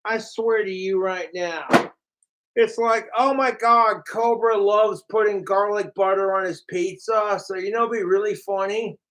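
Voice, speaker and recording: A man's voice: high-pitched, steady tone, measured pace, fairly bright tone. A man streaming from home, ranting in a profane, mocking, rambling way. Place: home apartment.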